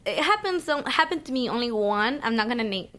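A woman's voice: fairly high pitch, expressive, fairly quick, sharp tone. A woman talking casually as a guest on a talk show, rambling with lots of fillers. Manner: rambling, heavy use of fillers. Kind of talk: casual chat.

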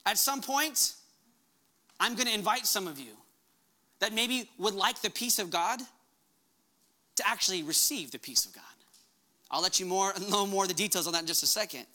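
A man's voice: sits high, moderate pace, pauses often, sharp tone. A pastor preaching a sermon to his congregation, impassioned, raising his voice when he quotes commands. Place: church hall before a congregation.

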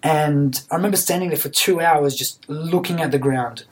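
A young man, a podcast guest telling his story in an earnest, halting way, often repeating words. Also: fairly high pitch. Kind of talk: casual storytelling.

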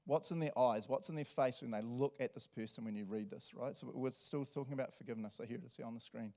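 A man's voice: medium pitch, fast talker. A pastor preaches with lots of energy. He often breaks into chuckles and plays out the scenes he's describing. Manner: animated, laughs often, acts out quotes. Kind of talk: sermon.

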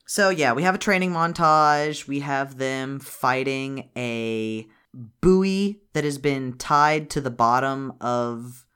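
A woman's voice: very deep voice, takes it slowly, fairly bright tone, clear, resonant tone. Profane, laughing woman retelling a cartoon. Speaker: podcast co-host. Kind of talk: casual chat reviewing a cartoon.

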